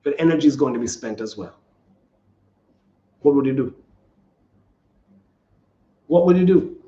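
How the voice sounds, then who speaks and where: In a church sanctuary, a pastor delivers a sermon in an earnest, repetitive style, putting questions to the congregation. His mid-range voice is expressive, a little slow and dark in tone. The recording echoes around the church room and sounds dull and lo-fi.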